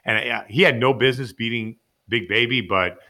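A man with a bright, forceful voice, spinning a loose, lively locker-room story. He leans on constant "like" fillers and slips into other people's voices as he talks. His speaking voice sits at a middling pitch. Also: moderate pace. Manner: lively anecdote-telling with heavy "like" fillers and acted-out quotes. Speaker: podcast guest, former player. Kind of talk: animated storytelling.

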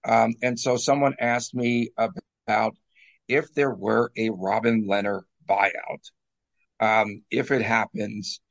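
A man co-hosting a casual hockey talk show, jokey and quick to laugh at his own bits. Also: on the low side, steady tone, gravelly. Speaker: sports talk co-host.

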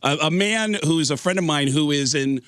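A man telling a long anecdote on a radio show, animated, slipping into other voices as he goes. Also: on the high side, fairly quick, clear, resonant tone, no room sound, studio quality. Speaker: guest storyteller. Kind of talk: casual radio show chat.

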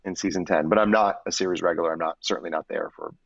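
A man, an actor and guest in an interview, telling stories in an animated and expressive way with frequent restarts. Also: low voice, racing, gravelly, no echo. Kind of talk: conversational interview storytelling. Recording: slightly dull, dry audio.

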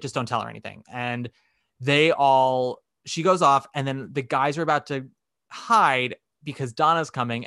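A man co-hosting a casual podcast, telling a story with lively acted-out quotes. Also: medium pitch, no room sound, clean studio sound. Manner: animated storytelling, acting out quotes. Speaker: podcast co-host.

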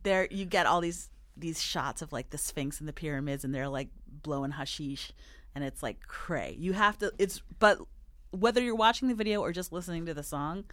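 Slangy woman podcast host gushing away, lowish voice, dry close mic. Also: moderate pace, no room sound. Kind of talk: casual chat.

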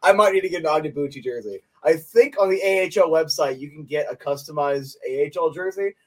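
A young man with a fairly high voice talks fast while co-hosting a podcast. The chat is casual and jokey, and he's playful, laughing often as he kids around.

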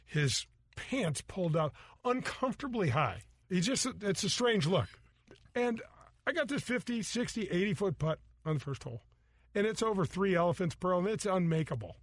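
A middle-aged man with a high-sitting voice hosts a golf show, telling stories in animated, casual chat. He acts out voices and laughs often, and the recording is dry.

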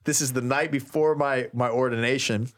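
Chatty priest telling a story. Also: male voice, medium pitch, moderate pace. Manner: animated, laughing often, loose and slangy. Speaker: priest, co-host. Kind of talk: casual storytelling.

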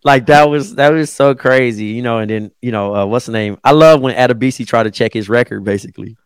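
A man's voice: medium pitch, fairly quick, clear, resonant tone, no echo. A man co-hosting a casual podcast, chatting loosely about a show in slang. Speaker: podcast co-host. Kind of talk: casual recap chat.

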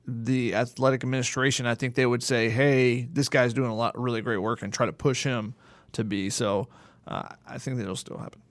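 A man's voice: medium pitch, steady tone, normal speed, no echo. A man co-hosting a casual sports podcast, thinking aloud and hedging his takes. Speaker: podcast co-host.

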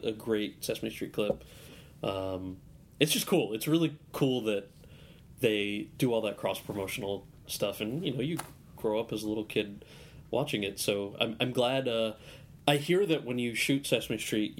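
Male podcast guest, mid pitch, restarts a lot, faint rumble under the voice. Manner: rambling storyteller with many restarts. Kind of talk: casual podcast interview.

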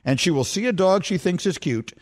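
A man with a high voice hosts a sports radio show at a studio microphone, talking a little fast. He tells stories in casual banter as an animated storyteller and often cracks himself up with laughter.

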